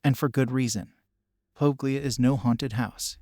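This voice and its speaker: A man narrating a first-person horror story in a steady, measured storytelling voice. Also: medium pitch, no room sound, studio quality.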